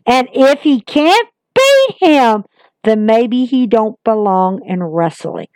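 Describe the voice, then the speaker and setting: A woman's voice: fairly high pitch, big pitch swings, slow, darkish tone, no echo. A woman hosting a casual wrestling recap podcast, talking emphatically and repeating herself like an exasperated fan.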